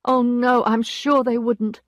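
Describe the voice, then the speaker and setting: A woman's voice: on the high side, level tone, slow, dry recording, voice pushed up. A woman voicing a proud, desperate young wife. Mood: distraught. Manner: emotional, pleading.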